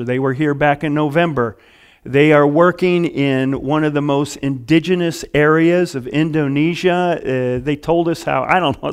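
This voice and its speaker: A middle-aged male pastor preaching a casual, chuckling sermon full of fillers and restarts. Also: on the high side.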